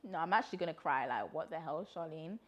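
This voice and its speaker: Chatty young woman, low voice. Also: animated, fast talker, fairly bright tone, dull audio. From London, UK. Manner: chatty, rambling, frequent laughs and fillers. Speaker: vlogger. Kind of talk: casual Q&A monologue.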